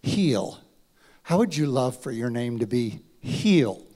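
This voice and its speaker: Animated man preaching, slow and dramatic. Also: mid-range voice. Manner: dramatic, acts out voices, swings from hushed to shouting. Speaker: pastor. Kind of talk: sermon.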